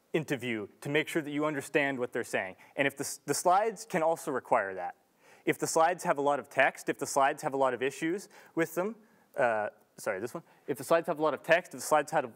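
A young man giving an earnest, casual talk to an audience in a large lecture room, with restarts and filler ums. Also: fairly high pitch. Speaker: student speaker.

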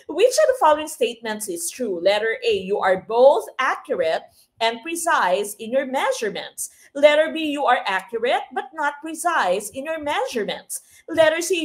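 A woman with a Filipino accent coaching a live online exam review, switching between English and Filipino and often asking "no?". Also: high voice. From Philippines. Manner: mixes English and Filipino, frequent tag "no?".

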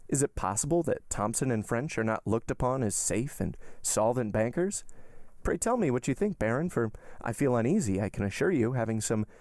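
A man voicing a suave, ironic wealthy count in an audiobook reading, smooth and politely mocking. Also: medium pitch, expressive, a little fast, darkish tone, dry recording, studio quality, natural voice. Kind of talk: audiobook character voice.

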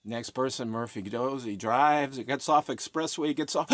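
A man telling a joke story animatedly, with dramatic pauses and rhetorical questions. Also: a little high, dry recording, studio quality. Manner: animated, dramatic gasps and swoops.

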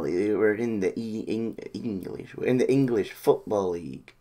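Deep gravelly man commentating a game. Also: normal speed, few pauses, dark tone. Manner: nervous, swings from muttering to cheering. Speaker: gaming YouTuber.

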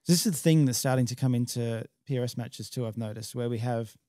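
A man's voice: mid-range voice, a little fast, dark tone, no room sound, studio quality. A man, a match director explaining stages in a casual podcast chat. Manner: explanatory, technical detail.

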